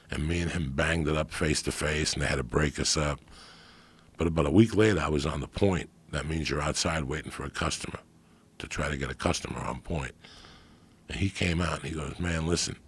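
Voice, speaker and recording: A middle-aged comedian on as a guest tells stories casually, in a blunt, profane, streetwise style. His bass voice is gravelly and raspy, and he talks a little fast.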